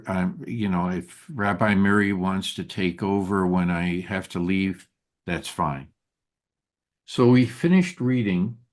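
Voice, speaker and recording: Slow, halting man leading Torah study. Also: lowish voice. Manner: halting, many fillers and restarts. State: losing his voice. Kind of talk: leading a group Bible study. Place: synagogue study room.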